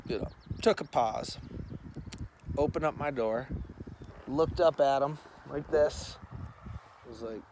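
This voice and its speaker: A middle-aged man casually telling a story, animated and acting out other people's lines. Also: medium pitch, takes it slowly, long pauses, slight background noise, rough recording.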